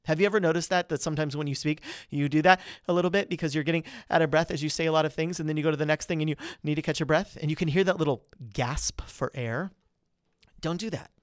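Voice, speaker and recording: A man hosts a coaching podcast in a fairly high, energetic voice. He talks quickly but lets key points land with pauses and melodic emphasis. The sound is dry and close, with no room around it. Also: no room sound. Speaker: podcast host. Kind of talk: coaching talk on presenting.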